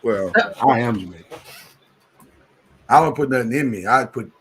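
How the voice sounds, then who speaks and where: A man hosting a podcast in casual chat, animated, rambling and restarting his sentences, with sudden jumps up in pitch and loudness. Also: normal speed, slight background noise. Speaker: podcast host.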